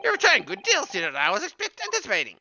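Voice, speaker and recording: A streamer voicing an eccentric, flamboyant male detective in a high, theatrical, grandiose manner while reading game dialogue. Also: huge pitch swings, very fast, creaky, sharp tone, highs cut off, faint music behind, exaggerated voice. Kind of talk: game dialogue read-along.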